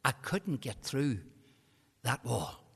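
A man's voice: medium pitch, very animated, slow, vocal fry, slightly rough. A man preaching an evangelistic sermon, telling a story with rising passion. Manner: impassioned, building to shouted climaxes. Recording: long hall reverb.

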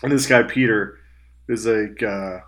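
A man's voice: on the low side, a little slow, a bit bright. A young man co-hosting a podcast in casual chat, sarcastic, swearing freely and doing mocking voices. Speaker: podcast co-host.

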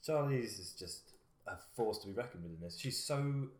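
A man with a fairly low voice talks casually about a film, rambling and restarting as he works toward his points. He sounds relaxed and conversational. The room has a noticeable echo. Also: normal speed. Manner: rambling, with frequent fillers and restarts. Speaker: podcast co-host. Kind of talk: casual film review chat.

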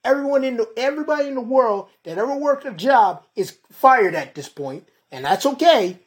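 A woman's voice: on the high side, expressive, normal speed. A woman podcast host delivering a heated, profane monologue and calling her listeners "folks". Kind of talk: ranting monologue.

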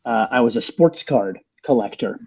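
A man's voice: mid-range voice, expressive, moderate pace, vocal fry, a little mellow, slightly rough. A man, a podcast guest, chatting casually and rambling with many fillers and restarts.

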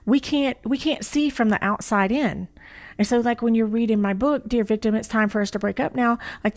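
A woman giving a motivational talk, blunt and emphatic, repeating her key phrases, slowing down to stress her words and swearing casually. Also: fairly high pitch. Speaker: motivational speaker and author.

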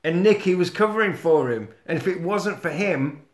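A man's voice: high-pitched, lively intonation, normal speed. A man co-hosting a podcast, recapping a film in casual chat and swearing freely. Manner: swears freely, blunt storytelling. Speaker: podcast co-host. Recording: roomy echo.

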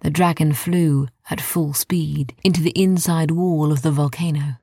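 A woman softly narrating a children's bedtime story in a hushed storytelling voice. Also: low voice, steady tone, unhurried, slightly rough, dry recording, studio quality.

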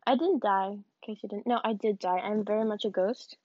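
A woman's voice: mid-range voice, steady tone, a little fast, few pauses, mellow, no echo. A young woman from the American South, rambling in a casual vlog with self-mocking, giggly asides while she tidies up. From Southern United States. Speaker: vlogger. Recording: dull, dry lo-fi recording.

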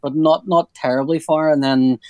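A comic artist in his forties chats casually in an interview, his voice a little high, his intonation fairly even, his speed normal. He rambles, interrupts himself to restart sentences, and keeps a joking streak going.

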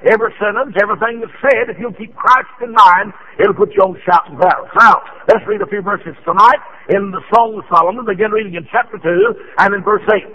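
An older man from Tennessee, preaching a revival sermon with fervent rises into shouts and frequent "uh" fillers. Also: high-pitched, fairly quick, few pauses, muffled recording. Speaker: evangelist preacher.

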